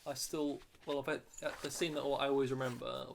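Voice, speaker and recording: Fast-talking gravelly man, halting. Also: medium pitch, flat delivery, slight background noise. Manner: hesitant, restarts a lot. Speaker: podcast co-host. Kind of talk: casual chat.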